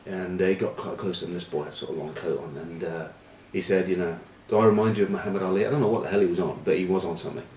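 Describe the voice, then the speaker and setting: A man's voice: deep voice, fairly even intonation, fast talker, hardly any pauses, dark tone, slight background noise. A man, a former rugby player, chatting casually as a pundit and telling loose anecdotes full of ums and uhs. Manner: rambling storyteller, full of ums and uhs, dry banter. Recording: roomy, from a distant mic.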